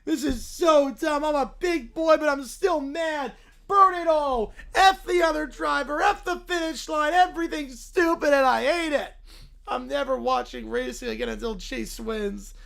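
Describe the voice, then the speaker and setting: A man voicing a bratty young boy in a furious tantrum, whining, shouting and tearful as he reads a story in character. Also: very high voice, unhurried, gravelly, pitched above the performer's own voice, exaggerated voice. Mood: whiny tantrum. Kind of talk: reading an AI-written story in character.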